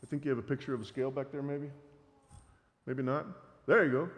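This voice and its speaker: A man preaching a sermon, reading Bible passages aloud and explaining them with measured emphasis. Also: medium pitch, fairly even intonation. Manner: reads scripture aloud, then teaches. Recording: reverberant hall.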